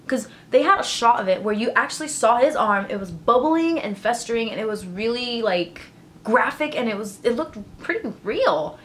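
A woman vlogging in casual chat, excitable and chatty, filling her talk with "like". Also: fairly high pitch, normal speed.

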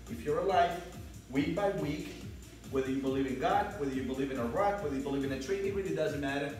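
A man's voice: fairly high pitch, heavy reverb, far from the mic, low-quality recording. A man leading a spin class, calling out counts and cheering riders on, a little out of breath. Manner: shouted counts and pep calls over music. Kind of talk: fitness class coaching. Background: loud workout music.

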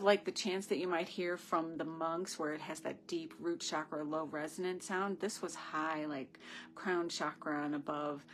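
A woman's voice: fairly low pitch, a little hiss or hum. A woman leading a live-streamed ritual, talking to viewers through a phone camera. She is effusive and rambling, with gushing asides. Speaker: spiritual ritual leader.

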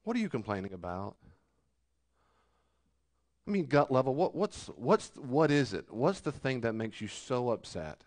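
A very animated male pastor preaches at normal speed in a mid-range voice, pausing often. He shifts between loud rebukes and quiet asides and lampoons complainers with whiny impressions.

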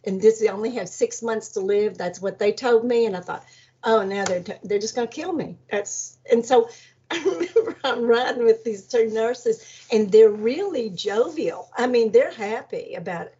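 A woman in her seventies, an energy healer, telling an animated story and acting out other people's voices, with frequent laughs. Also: fairly high pitch, moderate pace, breathy edge. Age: 70s. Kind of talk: storytelling about a near-death experience. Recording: dull lo-fi audio.

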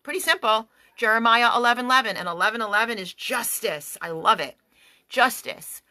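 A woman's voice: a little high, expressive, a little fast, bright, forceful tone, no echo. Commanding woman declaring fiery prayers. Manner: commanding, declaiming, rises to emphatic outbursts. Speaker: activist prayer leader. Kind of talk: fiery prayer and scripture reading. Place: in a parked car.

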